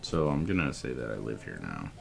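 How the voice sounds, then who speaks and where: A man's voice: extremely low pitch, big pitch swings, a little fast, vocal fry, soft background music. A man playing a tabletop role-playing game, joking around with snarky asides. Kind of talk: casual tabletop game chat.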